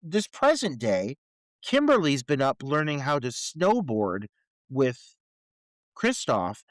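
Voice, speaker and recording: A male podcast co-host picks apart a movie's plot holes with swearing and incredulous energy. His pitch rises and falls in lively swings. The sound is dry and close. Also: slow, no echo. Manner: incredulous, profane, ranting about plot holes. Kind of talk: casual film review chat.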